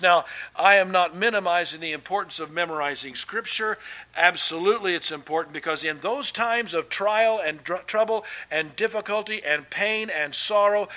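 A man delivers a sermon from the pulpit, his voice pitched a little high and ringing bright. He presses hard on key words, then drops to a softer aside, with casual restarts and fillers between. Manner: emphatic preaching, swinging between loud and soft. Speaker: pastor.

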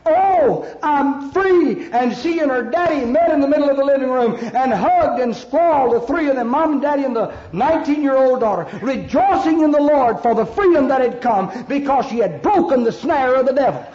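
Male preacher, very high voice, emphatic repetitive cadence, roomy dull lo-fi sound. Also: lively intonation, a little fast, few pauses, a little mellow. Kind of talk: fiery revival sermon. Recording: echoey lo-fi church recording.

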